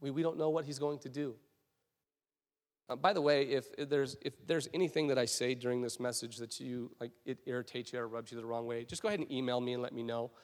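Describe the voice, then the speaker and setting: A man preaching a sermon as a pastor, in a conversational, animated storytelling way with frequent restarts. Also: medium pitch, quick pace, big-room sound.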